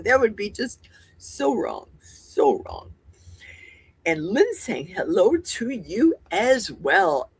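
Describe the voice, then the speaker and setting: Reading out viewer comments on her livestream, a Midwestern-accented woman from Wisconsin, in her sixties, rambles casually and adds folksy remarks. Her mid-range voice has a breathy edge and the recording is dry.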